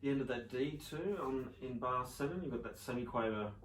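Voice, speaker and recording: A man's voice: medium pitch, a little fast, a little hiss or hum. Man teaching piano in a roomy space. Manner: casual, with fillers and sung rhythm syllables. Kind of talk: relaxed spoken piano tutorial. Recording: roomy sound with loud piano. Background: piano playing.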